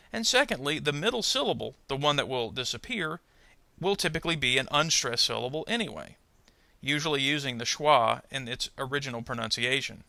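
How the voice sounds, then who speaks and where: Guy teaching pronunciation, super bright tone, bit of gravel, dry close sound. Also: medium pitch, no echo. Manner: slow, deliberate, models example words twice. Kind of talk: instructional narration.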